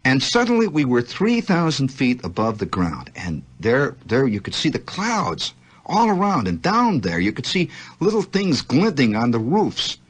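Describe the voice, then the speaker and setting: A man hosting a radio show, telling a childhood story in a rambling, animated monologue and often searching for words. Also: medium pitch, a little slow, slightly rough. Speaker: radio host.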